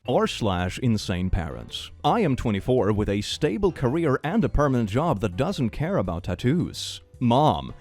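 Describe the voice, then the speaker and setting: A man's voice: medium pitch, big pitch swings, normal speed, few pauses, a little mellow. A man hosting comedic reaction commentary in a playful, sarcastic manner, laughing often. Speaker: host.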